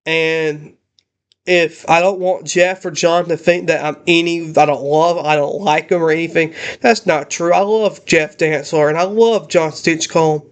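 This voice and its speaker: A young man ranting in a casual home vlog, emotional and halting with many restarts, recorded on a laptop in his parents' house. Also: on the high side, fairly even intonation. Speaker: channel host.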